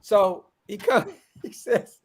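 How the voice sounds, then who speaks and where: A man's voice: high voice, sing-song, slow pace, slight background noise. A man hosting a casual live show, cutting in to recap the story and answering viewers. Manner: interjecting, talks over others to recap.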